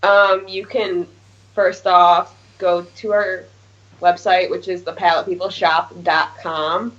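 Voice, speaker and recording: A woman's voice: on the low side, level tone, slow pace, a bit bright. A woman guesting on a podcast, talking candidly and chattily with little laughs. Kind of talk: casual podcast chat. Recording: dull lo-fi podcast audio.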